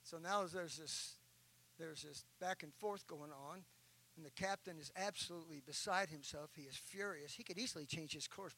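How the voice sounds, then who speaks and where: A man's voice: high-pitched, normal speed, sharp tone, no room sound, low-quality recording. A man preaching a sermon as a bishop, telling an illustration and building to emphatic points. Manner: storytelling with rising, emphatic preaching.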